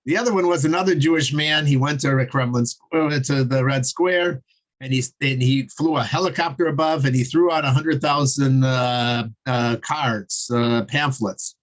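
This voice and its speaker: A man's voice: mid-range voice, normal speed. Chatty man teaching an online class. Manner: chatty and digressive, chuckles while telling jokes. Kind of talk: casual online class lecture.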